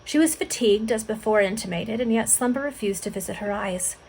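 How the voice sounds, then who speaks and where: A woman reading a novel aloud to friends over a video call, earnest and expressive, stopping for heartfelt asides. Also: medium pitch, brisk, vocal fry, a little hiss or hum, poor audio. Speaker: volunteer reader.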